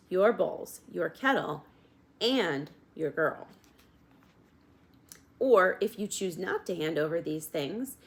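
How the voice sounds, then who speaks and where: A woman voicing a dutiful male soldier of the king who talks in a stiff, formal, patient way. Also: mid-range voice.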